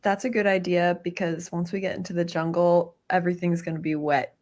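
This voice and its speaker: A woman's voice: on the low side, little pitch movement, brisk, a little mellow. A woman player in a tabletop game, practical and matter-of-fact.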